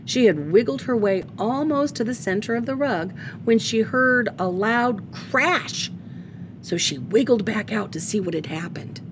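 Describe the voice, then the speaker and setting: Woman, storytime host, children's read-aloud, slow pace, lively pitch. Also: noisy background. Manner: expressive, unhurried storytelling.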